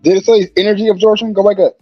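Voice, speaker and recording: Male co-host, husky, skeptical, profane, dry lo-fi mic. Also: high-pitched, flat delivery, racing, no echo, faint music behind. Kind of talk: casual chat.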